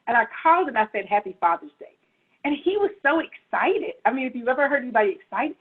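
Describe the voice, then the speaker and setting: A husky-voiced middle-aged woman tells her story as an interview guest, animated and playful, her voice swooping up as she laughs. She sits a bit high for a woman. The audio comes through thin and tinny, like a phone line from a video call. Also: fast. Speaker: guest author.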